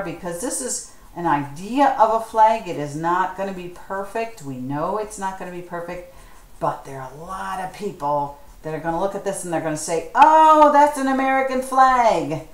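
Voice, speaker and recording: This woman's medium-pitched voice reverberates as she leads a children's craft tutorial at a church. She encourages viewers patiently, spelling out words one letter at a time and inviting them to follow along.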